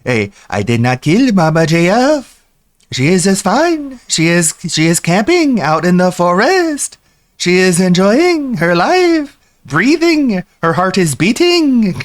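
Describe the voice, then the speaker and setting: A man's voice: sits high, big pitch swings, takes it slowly, voice pushed up, heavily acted. A man putting on a French Canadian accent to play an earnest French-Canadian man insisting his mother is fine. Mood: insistent.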